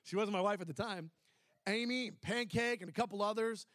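A man preacher with a fairly high voice tells his testimony to a congregation. He moves from quick excited runs to slow emphasis and acts out the dialogue as he goes. The sound is dry and close, with no room echo. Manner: animated, swings between fast excited bursts and slow emphasis.

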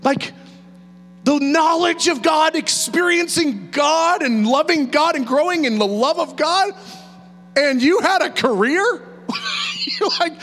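A preacher doing God as an incredulous judge. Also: male voice, very high voice, fairly bright tone, voice pushed up. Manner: slow, exaggerated, disbelieving questioning. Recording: reverberant hall, faint mains hum.

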